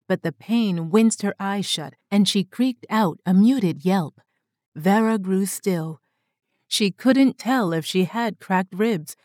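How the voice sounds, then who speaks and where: A woman reading a dark fantasy story aloud in a measured, dramatic way. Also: mid-range voice, dry recording, clean studio sound. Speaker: narrator. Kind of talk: scripted storybook narration.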